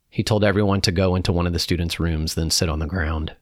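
A man reading a personal reflection aloud in a calm, measured way. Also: deep voice, dry recording, studio quality. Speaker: narrator.

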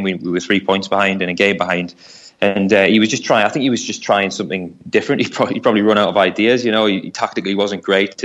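A man with a lowish voice talks quickly through a football memory, doubling back on words as he goes. It sounds like a relaxed podcast chat between fans, loose and unscripted. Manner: rambling, repeats words while thinking. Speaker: football pundit, Newcastle fan. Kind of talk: casual podcast discussion.

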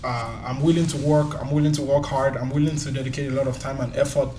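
A man from Nigeria telling stories in a casual interview, lively and quick to act out voices. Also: mid-range voice, slight background noise. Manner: lively storyteller, acts out voices and laughs often. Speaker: tech YouTuber and guest. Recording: roomy echo.

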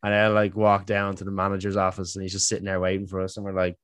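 Low voiced guy, laughs a lot, swears constantly, dry close mic. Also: completely flat delivery, quick pace, a bit bright, clean tone, no room sound. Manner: laughs often, swears casually. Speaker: podcast host. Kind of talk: casual chat between old friends.

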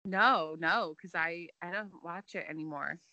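A woman's voice: lowish voice, a little slow, sharp tone, dry recording, lo-fi sound. A woman co-hosting a casual gossip chat, giving short blunt reactions and sarcastic jabs.

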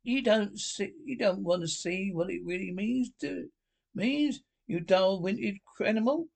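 A man reading a storybook aloud and voicing an excitable, impatient male water rat. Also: high voice, moderate pace, vocal fry, husky, pitched above the performer's own voice, exaggerated voice. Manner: impatient, scolding, energetic.

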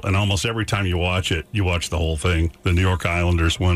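A man's voice: sits low, quick pace, few pauses. Rambling radio co-host man. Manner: rambling, laughing, restarts. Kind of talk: casual morning radio banter.

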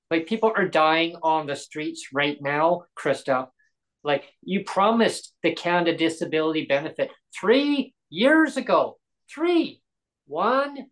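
A man's voice: fairly high pitch, a bit bright, low-quality recording. A man hosting a podcast roundtable, speaking emphatically and pleading, repeating words for stress. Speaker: podcast host. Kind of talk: heated podcast discussion.

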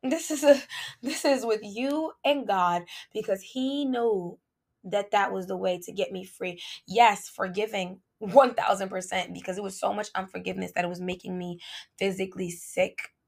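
A woman hosting a podcast, telling a casual faith testimony in an animated, colloquial way and speaking straight to her listeners. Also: mid-range voice, moderate pace, vocal fry. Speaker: podcast host.

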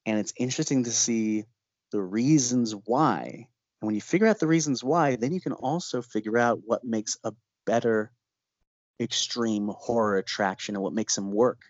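Animated male filmmaker, dry dull recording. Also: mid-range voice, moderate pace, no room sound. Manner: laughs often and acts out quoted voices. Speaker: horror filmmaker. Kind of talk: animated interview storytelling.

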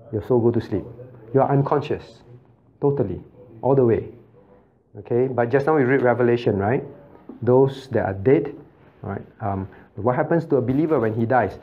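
A man's voice: medium pitch, muffled recording. A man, a pastor, teaching a Bible study class, constantly asking his listeners questions, checking with "right?" and chuckling as he explains. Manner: chuckles often while explaining.

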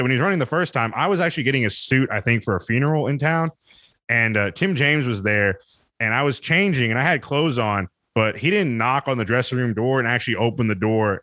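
A podcast co-host or guest with a fairly low, pushed, bright voice chats casually, rambling, swearing and laughing a lot. The recording is dry.

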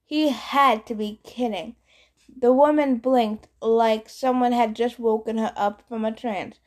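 Brief: woman audiobook reader, slightly high voice, easygoing first-person narration. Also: fairly even intonation, a little slow. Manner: casual first-person storytelling. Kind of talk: scripted narration.

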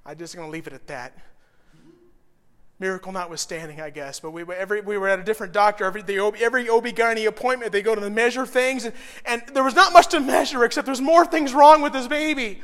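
A middle-aged man pastor preaching a sermon, telling a personal story with emotion that swells to loud, intense peaks. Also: extremely high pitch, fast talker, long reverb tail.

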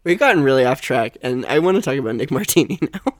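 A man's voice: mid-range voice, very animated, fast, no room sound, clean studio sound. Rambling male podcast co-host. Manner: rambling storyteller, many fillers. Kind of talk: casual chat.

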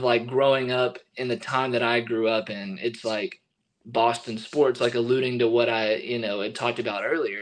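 A young man tells a story in a loose, casual way, with filler words and snippets of quoted talk. His voice sits at an ordinary middle pitch. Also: poor audio. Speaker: baseball pitcher, interview guest.

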